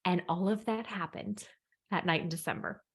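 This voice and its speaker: A woman coach casually telling a personal story to camera in an animated, excitable way, full of "like", sometimes dropping to a whisper. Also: on the low side, moderate pace. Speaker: manifestation and meditation coach.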